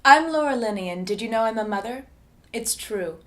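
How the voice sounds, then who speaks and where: A woman's voice: fairly high pitch, expressive, fairly quick, fairly bright tone, pitched below the performer's own voice. A woman putting on a smug, self-promoting celebrity voice in a chatty manner. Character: woman doing a self-absorbed celebrity impression.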